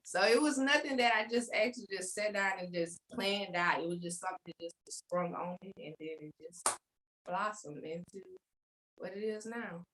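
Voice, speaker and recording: A woman's voice: mid-range voice, moderate pace, fairly bright tone, a little hiss or hum, poor audio. Polite woman guest on a video call. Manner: polite, friendly, says yes ma'am. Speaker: guest, business owner. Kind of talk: casual interview answers.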